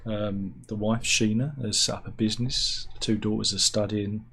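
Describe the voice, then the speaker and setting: A man hosting a satirical news vlog, reading out stories with wry, deadpan asides and mock outrage. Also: fairly low pitch, normal speed, creaky, slightly rough. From United Kingdom. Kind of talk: offhand comic news chat.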